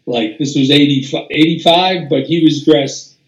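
Rambling older man with a slightly high voice. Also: steady tone, moderate pace, muffled recording, a little hiss or hum. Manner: rambling, with many restarts, fillers and swearing. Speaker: music producer, interview guest. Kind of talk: casual anecdotal storytelling. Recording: roomy echo.

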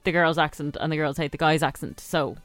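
A woman's voice: low voice, steady tone, fairly quick, dry recording, soft background music. A young Irish woman co-hosting a radio show, chatting frankly and giving firm opinions. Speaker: radio co-host. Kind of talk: casual chat.

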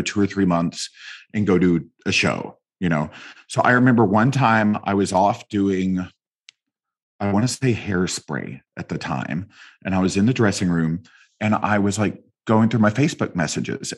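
A man being interviewed, telling stories in a lively way and acting out the people he quotes. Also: sits low, normal speed, slightly rough. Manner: animated, acts out quoted voices in stories. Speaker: guest. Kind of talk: conversational interview storytelling.

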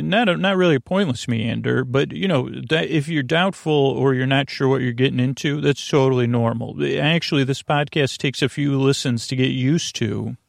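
A man hosting a sleep podcast, talking in a slow, meandering bedtime monologue that keeps drifting off topic and interrupting itself. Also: mid-range voice, vocal fry, no echo, clean studio sound. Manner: meandering, self-interrupting, soft-spoken.

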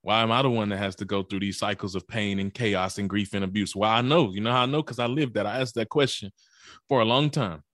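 Young man, low voice, dry close-mic sound; animated, punchy storyteller for a personal testimony. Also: fast, no echo. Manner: animated, punchy storyteller, rising high for tense moments. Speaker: guest speaker.

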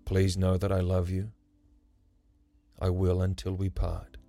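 A man voicing a weary, guarded grown man with a gruff way of talking in a rhyming story. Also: low voice, completely flat delivery, a little slow, mellow, no room sound, soft background music.

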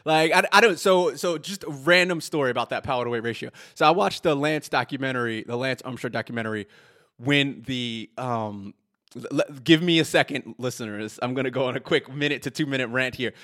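Animated, swearing male podcast host. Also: medium pitch, a little fast. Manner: animated storyteller, swears freely. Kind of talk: casual podcast chat.

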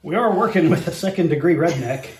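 A man's voice: fairly high pitch, lively intonation, fast, darkish tone, echoey room. A man co-hosting a podcast in casual chat, full of joking, dry banter. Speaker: podcast co-host.

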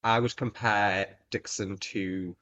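A man co-hosting a podcast in casual chat, chatty and emphatic, quick to agree with his co-host. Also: lowish voice, fairly even intonation, a bit bright.

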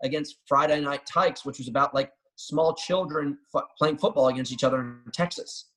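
A man and professional athlete talking as a guest on a casual podcast, telling animated, swearing, boastful stories. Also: fairly high pitch, normal speed, low-quality recording. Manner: animated, profane, boastful storytelling.

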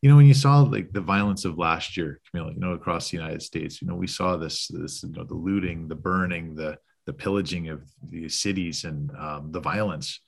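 A man's voice: deep voice, a little fast, gravelly, few pauses, breathy edge. A man hosting a casual interview, asking long, rambling questions. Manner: rambling, many fillers and restarts. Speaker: podcast host.

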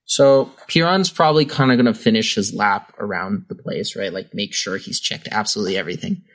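A man playing a tabletop role-playing game, describing his character's actions in a relaxed, hesitant way. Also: fairly low pitch, a little fast, rough recording. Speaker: player. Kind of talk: casual tabletop game play.

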